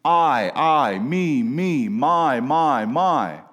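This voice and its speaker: A man in his thirties preaching a sermon as a pastor, emphatic, dropping low and then rising loud. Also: expressive, extremely slow. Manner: emphatic preaching, swings between hushed and raised. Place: church sanctuary. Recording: church hall reverb.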